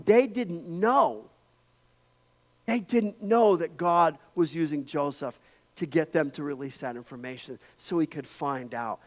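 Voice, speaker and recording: A male pastor preaching a conversational sermon in a church, acting out the lines of the people in his story with lively voices. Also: high voice, big-room sound. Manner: conversational preaching with animated, dramatized quotes. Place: church sanctuary.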